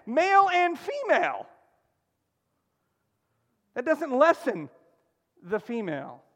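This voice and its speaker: A man preaching a sermon, emphatic and asking the congregation questions, swinging from loud exclamations down to a near-hush. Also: a little high, long reverb tail. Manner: emphatic, call-and-response preaching with sudden drops to a hush. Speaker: pastor.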